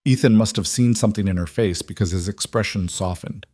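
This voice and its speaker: A man narrating a frontier romance audiobook in an even, measured storytelling manner. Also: fairly low pitch, no room sound, studio quality.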